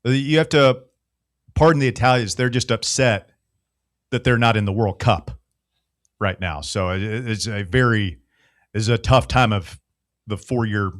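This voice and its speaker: A man's voice: fairly low pitch, unhurried, pauses often, no room sound, clean studio sound. A man hosting a sports radio show, upbeat and joking with his guest. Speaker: radio host.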